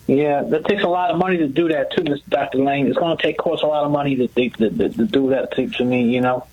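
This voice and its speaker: Hesitant husky-voiced male caller. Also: a little high, steady tone, quick pace, muffled recording. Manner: hesitant, repeats words.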